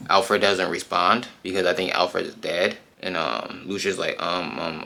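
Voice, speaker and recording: A man retells a comic book in a loose, slangy way, animated and full of fillers. His voice is low and distinctly gravelly. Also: moderate pace.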